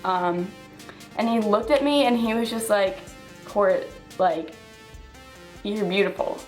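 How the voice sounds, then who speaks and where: A woman's voice: medium pitch, slow pace, poor audio. Young woman getting teary on her vlog, lots of likes and ums, faint music behind. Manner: heartfelt, filler-heavy talk with frequent "like" and "um". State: tearful, on the verge of crying. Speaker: fitness vlogger. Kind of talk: emotional personal vlog.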